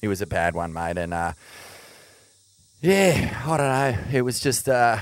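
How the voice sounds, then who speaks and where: A man's voice: mid-range voice, sing-song, a little slow, dry recording. A young Australian man co-hosting a casual chat, swearing freely and laughing at himself. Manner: sweary, self-mocking, laughing. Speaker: co-host.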